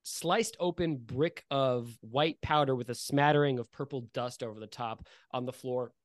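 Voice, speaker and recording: A man's voice: medium pitch, moderate pace, no room sound, studio quality. A man running a tabletop game as game master, describing scenes in a casual, filler-heavy way. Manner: casual, laid-back descriptions with many fillers.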